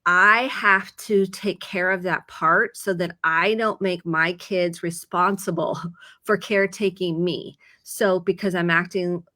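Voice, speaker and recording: A woman's voice: fairly low pitch, steady tone, unhurried, pushed and bright, no room sound. A woman therapist with a Midwestern American accent, explaining mental health in an earnest, casual chat full of examples.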